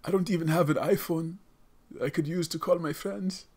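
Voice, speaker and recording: A man's voice: a little high, steady tone, moderate pace, darkish tone, voice pushed up. A man voicing a starving young ancestor lost in the desert, griping with lots of swearing. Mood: desperate. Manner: whiny, profane griping.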